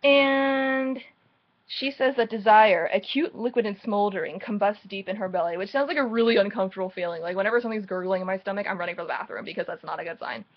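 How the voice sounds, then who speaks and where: A woman's voice: medium pitch, fast talker, highs cut off. A woman recapping book chapters in a casual, rambling way, full of sarcastic and mocking asides. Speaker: book reviewer.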